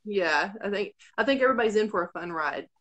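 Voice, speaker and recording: A woman's voice: medium pitch, expressive, fast, a bit bright. A woman from Arkansas with a Southern accent, a radio host chatting casually and giggling over a video call. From Arkansas, USA. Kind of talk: casual live-stream chat.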